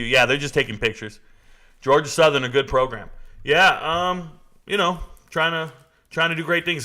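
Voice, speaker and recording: Man, forties, bright voice, casual live-stream chat, answers viewers. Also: fairly high pitch. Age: 40s. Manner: animated, reads and answers chat. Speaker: sports talk live streamer.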